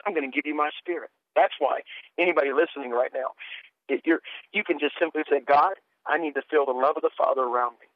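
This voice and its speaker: A man's voice: on the high side, fairly quick, no room sound. A male minister speaks with fervent conviction, his voice carried in earnest, preacher-like waves as he tells his story. The sound is thin and boxed in like a phone line, with a dry, close feel and no room around it. He presses on with heartfelt urgency. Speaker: minister and guest. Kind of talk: fervent testimony and prophetic ministry.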